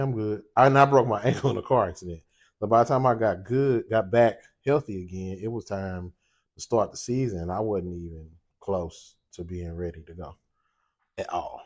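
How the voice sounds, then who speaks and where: Middle-aged guy w a st telling a story on his cooking show, kinda low voice, laughs a lot. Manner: animated, laughing, voices quoted people. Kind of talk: casual storytelling.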